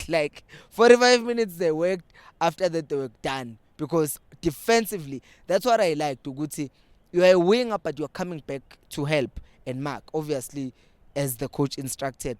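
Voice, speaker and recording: A young South African man with a local accent, giving lively casual commentary as host of a football fan channel. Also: on the high side, clean tone, no room sound. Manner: animated, switching between English and Zulu.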